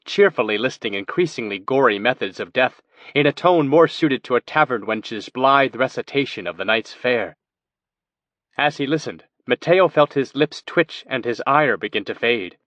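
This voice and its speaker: A man narrating a fantasy audiobook in a steady storytelling manner. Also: mid-range voice, no room sound. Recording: dry, dull lo-fi recording.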